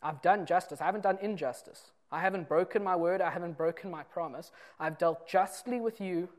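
A man preaching a sermon, explaining a parable in an earnest way and moving between loud and soft emphasis. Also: high voice, a little fast.

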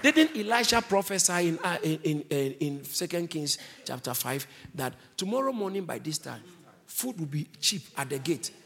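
A man's voice: a little high, big pitch swings, normal speed, a bit bright. A man preaching a sermon, emphatic, stretching out key words for weight.

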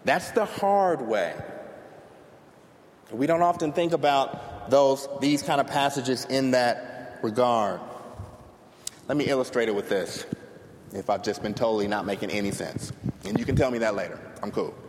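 A male pastor preaching a sermon to a congregation, telling stories in an animated way and clapping as he talks. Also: mid-range voice, normal speed, long pauses. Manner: animated storytelling, claps while preaching. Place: church sanctuary before a congregation. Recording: long hall reverb, faint noise.

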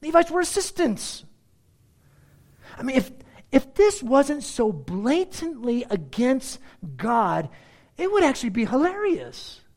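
A man preaching a verse-by-verse sermon with sarcastic asides and rhetorical questions, swinging between loud exclaims and hushed asides. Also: very high-pitched, big pitch swings, slow. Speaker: pastor. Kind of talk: expository sermon.

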